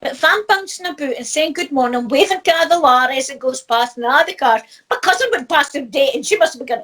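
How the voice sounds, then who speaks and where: Scottish woman, middle-aged, high bright voice, chatty spiritual teacher who laughs a lot. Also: quick pace, hardly any pauses. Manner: lively storyteller who laughs often. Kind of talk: casual chat.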